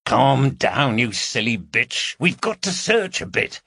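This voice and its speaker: A man voicing a gruff, impatient man burglar who snaps curt, swearing replies. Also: mid-range voice, sing-song, slow pace, fairly bright tone, no room sound, clean studio sound, pitched above the performer's own voice, exaggerated voice. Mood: snapping.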